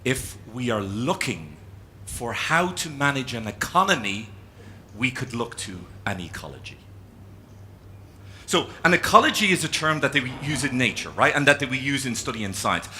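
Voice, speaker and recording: An Irish man speaks to a conference audience, his voice swinging high and low as he tells stories. The tone is very bright and cutting. A faint hum of the room sits behind him. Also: moderate pace. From Ireland. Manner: animated storyteller, drawing as he speaks. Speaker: keynote speaker. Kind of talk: live talk to an audience.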